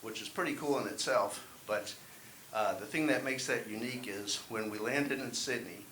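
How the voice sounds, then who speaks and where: A man's voice: fairly low pitch, normal speed, fairly bright tone. A man performing a wry, self-deprecating stand-up set at an open mic. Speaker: stand-up comedian. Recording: echoey room, faint hiss.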